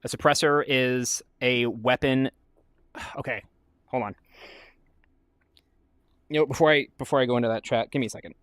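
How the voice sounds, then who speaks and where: A man's voice: medium pitch, steady tone, moderate pace, long pauses, a bit bright, clean tone, no echo. A man chatting casually and wryly while he plays a game on stream. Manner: wry, rambling commentary. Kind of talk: casual gameplay chat.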